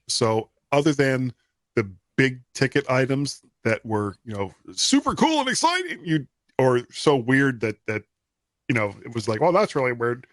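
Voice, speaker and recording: A man's voice: mid-range voice, no echo. A man from the US co-hosting a casual tech podcast, laid-back, with dry joking asides. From United States. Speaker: podcast co-host.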